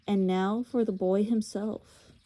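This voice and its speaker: A woman voicing a wise, noble lion who speaks gravely and formally. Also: medium pitch, fairly even intonation, takes it slowly, mellow, close to an everyday voice. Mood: solemn. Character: wise noble lion king, solemn and kind.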